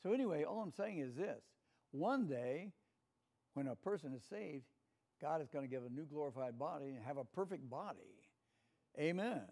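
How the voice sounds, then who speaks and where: A man's voice: a little high, lively intonation, moderate pace, a little mellow. An older man with a Southern American accent teaching a folksy Bible lesson in a church class, chatty and often asking the room for an amen. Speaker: Sunday school teacher.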